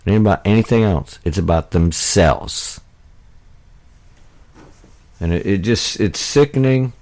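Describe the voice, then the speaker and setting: Deep-voiced indignant American talk radio host. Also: male voice, measured pace, darkish tone. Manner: rambling, indignant, many fillers and restarts. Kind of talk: political talk radio monologue.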